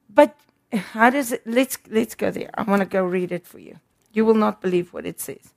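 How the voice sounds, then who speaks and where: A woman's voice: medium pitch, moderate pace, creaky, darkish tone. A woman preaching a sermon, emphatic and repeating words for stress.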